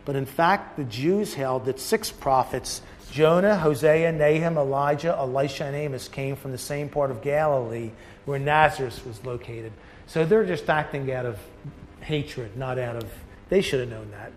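A man's voice: mid-range voice, moderate pace, slight background noise, poor audio. Man leading a Bible study. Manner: reads passages aloud, then breaks off to explain with restarts and asides. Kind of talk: teaching a Bible study, reading and explaining a text.

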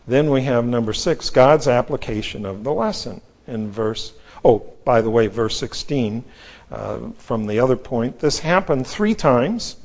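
A man teaching through a Bible passage verse by verse, in a measured, explanatory way with frequent asides. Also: medium pitch. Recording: dull lo-fi recording.

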